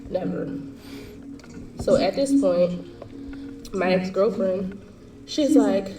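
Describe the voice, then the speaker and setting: A woman's voice: mid-range voice, music in the background. Young woman telling a heated storytime. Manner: heated, fast slangy retelling. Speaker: storyteller vlogger. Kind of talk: casual storytime monologue. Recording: echoey room, distant mic.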